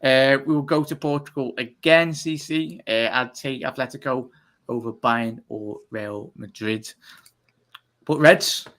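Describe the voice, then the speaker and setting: A man hosting a fan live stream, talking fast and giving chatty shout-outs. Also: medium pitch. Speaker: fan channel host. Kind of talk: live stream sign-off chat.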